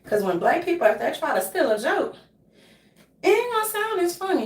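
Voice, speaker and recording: A woman's voice: very high voice, sing-song, fairly quick. A woman vlogger talking in a loose, jokey, rambling monologue and swearing freely. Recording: echoey room, voice from a distance.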